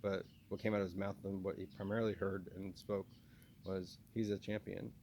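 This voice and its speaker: A man with a faint Southern, Texan twang speaks in a fairly low voice, rambling through a spoken video journal. He refers to himself in the third person and keeps restarting and stumbling over his words. A faint ambient hum sits underneath. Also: level tone, a little fast, a little mellow. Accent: slight Southern US (Texan). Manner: talks about himself in third person, many restarts and stammers.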